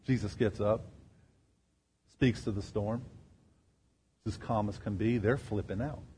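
A man preaching a sermon, firing rhetorical questions at the congregation and swinging between loud emphatic bursts and quiet, low asides. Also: steady tone, measured pace, a little hiss or hum. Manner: asks the crowd rhetorical questions. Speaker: pastor.

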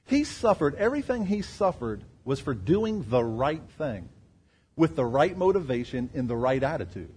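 A man preaching a sermon, firing rhetorical questions at the congregation and swinging between loud emphatic bursts and quiet, low asides. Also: big pitch swings, moderate pace, slightly rough. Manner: asks the crowd rhetorical questions. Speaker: pastor.

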